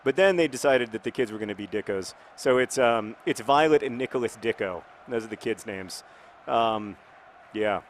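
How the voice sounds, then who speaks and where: Man, rambling game commentary, jokey, sudden excited shouts, faint traffic behind. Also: mid-range voice, moderate pace. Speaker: gaming video host. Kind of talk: casual football game commentary.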